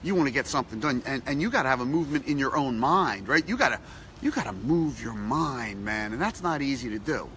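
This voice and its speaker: Bright-voiced chatty man outdoors. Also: medium pitch, brisk, slight background noise. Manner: chatty and animated, repeats phrases for emphasis. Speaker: vlog host. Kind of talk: upbeat motivational vlog talk. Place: outdoors on a snowy street.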